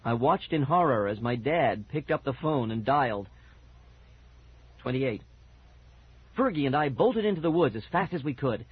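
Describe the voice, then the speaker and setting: A man narrating a first-person children's story with lively, animated expression. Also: mid-range voice, normal speed, long pauses, breathy edge, no room sound. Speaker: audiobook narrator. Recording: dull lo-fi audiobook recording.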